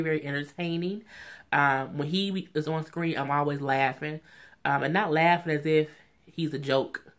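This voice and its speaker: A vlogger recapping a reality show in a casual, opinionated chat, often saying "you know what I'm saying". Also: fairly bright tone. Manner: acts out quotes in a high, mocking voice.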